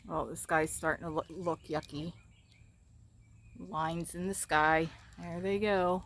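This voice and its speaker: A woman's voice: steady tone, slow pace, fairly bright tone. A woman chatting casually to her viewers while outdoors in her yard, filmed on a camera on a tripod, with birds chirping behind her. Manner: chatty, addresses viewers, calls her pet in a high sing-song. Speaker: vlogger. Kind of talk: casual vlog chat.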